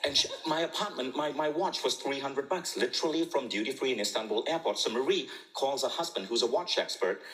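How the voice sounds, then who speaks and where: Bright-voiced man telling a funny story. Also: medium pitch, fairly quick, few pauses, low-quality recording. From Malaysia. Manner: jokey, animated, laughs at own jokes. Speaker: speaker telling a personal story. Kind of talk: humorous storytelling talk.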